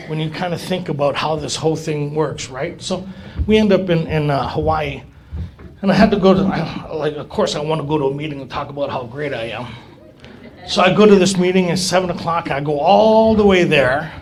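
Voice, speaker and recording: A man speaking to a recovery meeting audience, telling a story and acting out the dialogue. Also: a little high. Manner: animated storyteller, acts out dialogue.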